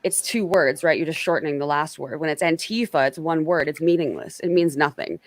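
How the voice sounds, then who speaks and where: A stream host with a low-pitched, brisk voice runs a casual political panel, captured in a dry recording. She's chatty, qualifies her own statements, and often restarts her sentences.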